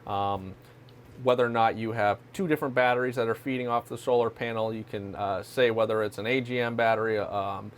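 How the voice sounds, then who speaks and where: A man's voice: on the low side, fairly even intonation, a little fast, a little hiss or hum. A man explaining technical equipment in a practical, matter-of-fact way with occasional fillers. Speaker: technical staff guest.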